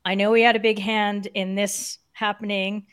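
A woman guest on a live stream speaks in a casual, earnest way. She sounds encouraging and chatty, with a mid-range pitch. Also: level tone, normal speed, fairly bright tone, clear, resonant tone. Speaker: guest, Discord consultant for creators.

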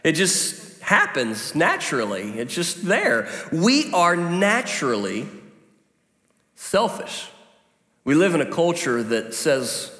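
A man preaching in a large echoing hall, his voice high and bright. He tells funny stories and jokes with the crowd as he makes his point. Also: slow pace. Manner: storytelling, joking, lively asides. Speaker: pastor. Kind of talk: sermon. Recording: echoey hall.

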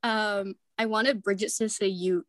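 A woman's voice: mid-range voice, steady tone, a little slow, a bit bright, no room sound. Easygoing young woman, dry sound. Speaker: quiz leader in group chat. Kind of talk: casual group chat.

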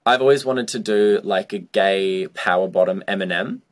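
In a deep voice at normal speed, a young drag performer tells stories during an interview. He's chatty and loose, leaning heavily on "like" and swearing freely.

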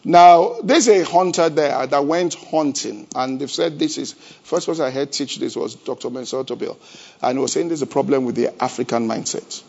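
A man preaching a sermon as pastor. He keeps asking the congregation rhetorical questions and swings between loud emphasis and a low, conversational tone. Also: normal speed, gravelly. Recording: dull lo-fi church recording.

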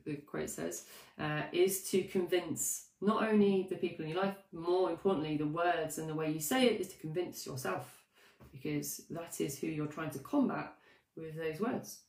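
A woman's voice: lowish voice, far from the mic. Chatty woman coach, echoey room. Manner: chatty and animated, with many fillers, restarts and self-mocking asides. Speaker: life coach. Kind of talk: live-streamed coaching talk. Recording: roomy echo, voice set back from the mic.

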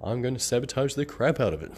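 A man voicing his own subconscious mind, which talks in a casual, chummy way while plotting to sabotage him. His voice sits a little higher than his usual talk. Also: animated, quick pace, a little mellow, breathy edge. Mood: chummy scheming. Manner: casual, chummy, sarcastically helpful. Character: a man's own subconscious mind, breezy and scheming.

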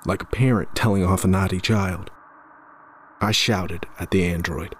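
A man telling a first-person horror story in a measured, somber way, stumbling over a word now and then. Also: fairly low pitch, a little hiss or hum.

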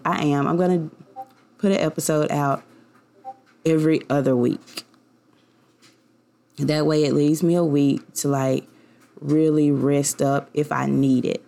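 Her voice is deep and dark with noticeable vocal fry. A young woman hosting her own podcast, she talks casually in a rambling, heartfelt personal monologue packed with fillers.

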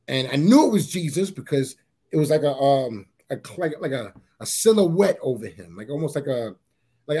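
A man sharing a personal testimony in a casual interview, halting and repeating his words as he tells it. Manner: halting, repeats words, often says "you know what I'm saying"; grows animated at high points.

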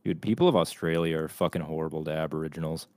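Young male podcast co-host, very deep and dry, crude teasing. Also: little pitch movement, fast, a little mellow, dry recording. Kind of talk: casual chat.

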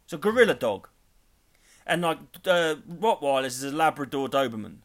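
A man's voice: fairly high pitch, lively intonation, normal speed. A man, rambling and joking as he co-hosts a casual podcast chat. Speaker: podcast co-host.

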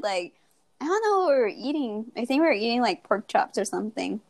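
Lively, self-mocking woman chatting. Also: on the high side, normal speed. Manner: lively and self-deprecating, laughs often. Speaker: podcast co-host. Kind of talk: casual chat.

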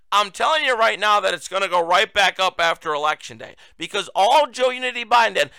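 Sarcastic high-voiced talk-show man. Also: vocal fry, clean tone, dry recording. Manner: sarcastic, combative, mocking; raises voice to near-shouting for emphasis. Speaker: host. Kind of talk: political commentary monologue.

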